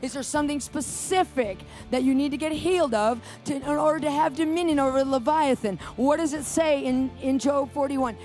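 High-voiced woman preaching. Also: moderate pace, hardly any pauses, faint music behind. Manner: animated storytelling, acting out quotes. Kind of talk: sermon with personal story.

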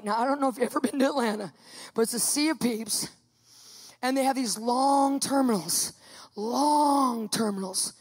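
High-voiced woman telling a comic story. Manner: animated, emphatic, dramatic retelling.

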